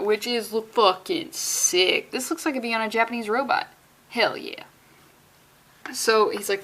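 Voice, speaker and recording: A woman riffing through a comic book read-along on her vlog. Her voice sits a little high, and her commentary runs sarcastic and profane, with animated tangents. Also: slight background noise.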